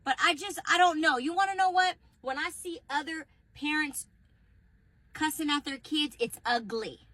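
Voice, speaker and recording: A woman's voice: sits high, moderate pace, sharp tone, dry recording, low-quality recording. A mother ranting frankly on a vlog, sounding exasperated. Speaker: parent. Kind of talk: candid vlog rant.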